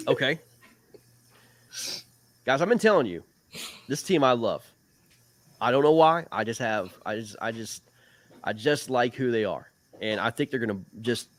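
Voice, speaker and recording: A man hosting a casual live stream, upbeat and quick to laugh, trailing into repeated filler words. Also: medium pitch, fairly bright tone, no echo. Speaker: host, league commissioner.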